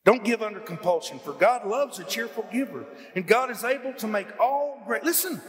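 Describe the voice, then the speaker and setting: A man preaching a folksy, animated sermon to his church, full of emphatic questions. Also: high-pitched, moderate pace, long reverb tail. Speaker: pastor. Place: church hall.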